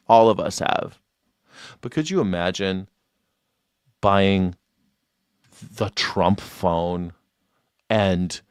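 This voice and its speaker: A man's voice: deep voice, clear, resonant tone, no echo, studio quality. A man hosting a live stream, mocking in a sarcastic tone and laughing often.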